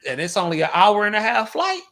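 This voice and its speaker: A man's voice: high voice, sing-song, brisk, fairly bright tone. A man hosting a podcast, chatting casually in a joking, slangy, laid-back way. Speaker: podcast host. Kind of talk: casual chat.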